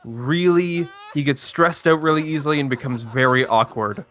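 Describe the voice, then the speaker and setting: A man's voice: fairly high pitch, normal speed, a bit bright. A young man, telling a story in casual chat with restarts and rambling. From Canada. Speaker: stream co-host.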